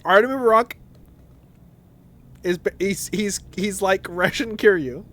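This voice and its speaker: High-voiced, excitable male game streamer. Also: takes it slowly. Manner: excitable, joking, laughs often. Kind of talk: let's-play commentary with chat.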